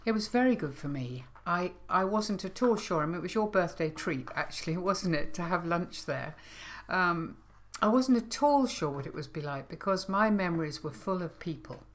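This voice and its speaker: An older woman co-hosting a podcast, reflecting thoughtfully in a soft-spoken, conversational way. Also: fairly low pitch, lively intonation, normal speed, hardly any pauses. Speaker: podcast co-host. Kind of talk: reflective casual chat.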